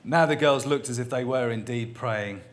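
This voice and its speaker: A man's voice: mid-range voice, moderate pace. A man reading a comic novel aloud, amused and often laughing as he reads. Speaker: reader.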